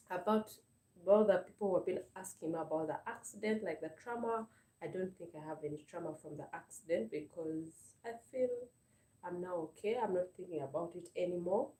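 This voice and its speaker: A woman's voice: lowish voice, mellow, far from the mic. A woman with a Ugandan English accent, hosting a live stream in a casual, earnest chat full of thanks and fillers. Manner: earnest, grateful, repeats words and uses many fillers. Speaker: channel host. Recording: roomy sound, voice a bit off-mic.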